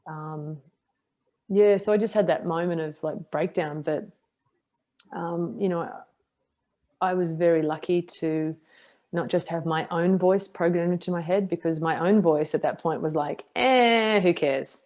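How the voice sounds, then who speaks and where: A middle-aged woman with a notably low voice talks through a hard stretch of her life on a podcast. She is frank and self-deprecating, acting out the lines she and others said. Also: moderate pace, highs cut off. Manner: frank, self-deprecating, animated retelling with acted quotes. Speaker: podcast guest, martial artist. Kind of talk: candid interview storytelling.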